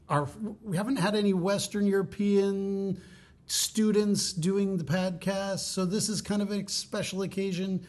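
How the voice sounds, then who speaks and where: A man hosting an interview podcast, friendly and rambling, asking loose questions with fillers. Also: high voice. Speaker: podcast host.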